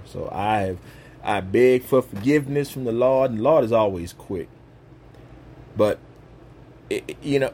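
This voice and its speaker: A man's voice: mid-range voice, husky. A man hosting his own podcast, talking to viewers in an emphatic, conversational, preachy way about faith. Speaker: podcast host.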